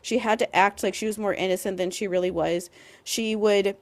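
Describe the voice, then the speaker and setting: Speaking at a normal speed, this young female podcast co-host has a medium-pitched, steady voice. She goes on an emphatic, heated rant packed with "like" and the occasional curse word.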